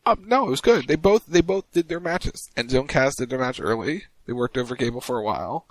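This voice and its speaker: A man co-hosting a casual wrestling podcast, reading tweets aloud in a wry, deadpan way. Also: mid-range voice, a little fast, no room sound. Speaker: podcast co-host.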